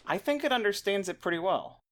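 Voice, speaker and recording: A man's voice: high-pitched, expressive, brisk, a bit bright. A man co-hosting a podcast, speaking bluntly and casually, with swearing. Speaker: podcast co-host.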